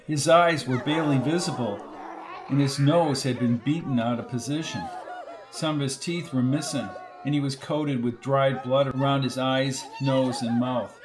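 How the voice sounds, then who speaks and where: A man reading an audiobook thriller in a steady, measured narration. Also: medium pitch, background noise. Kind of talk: scripted narration. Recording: narration with music behind.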